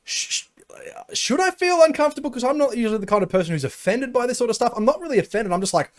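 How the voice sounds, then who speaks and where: A man hosting a podcast in casual chat, animated and swearing as he talks. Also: sits high, very fast. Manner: animated, swearing, laughing at his own jokes. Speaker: podcast host.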